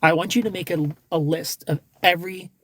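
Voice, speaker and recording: A man's voice: sits high, fairly even intonation, brisk, fairly bright tone. A man hosting a casual livestream, giving blunt dating advice with lots of restarts and some swearing.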